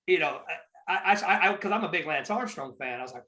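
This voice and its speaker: Man, podcast host, high voice, bright and forceful tone, rambling, swears a lot, emphatic. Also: expressive, quick pace, low-quality recording. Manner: profane, rambling, emphatic storytelling. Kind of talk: casual podcast chat.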